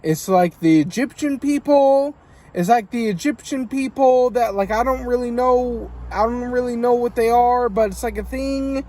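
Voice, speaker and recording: American male vlogger, high-pitched, rambling and foul-mouthed, drinking and coughing in a vehicle. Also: normal speed, darkish tone. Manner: profane, rambling storytelling. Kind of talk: casual rambling vlog monologue.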